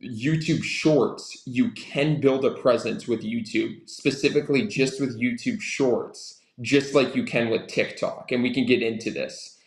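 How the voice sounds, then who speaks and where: A young man talking through business advice as an interview guest, leaning on "like" fillers as he goes. His voice has a gravelly edge and sits at a medium pitch. It carries a roomy echo. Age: young adult. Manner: fast, filler-heavy with frequent "like". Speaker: guest, social media marketing entrepreneur.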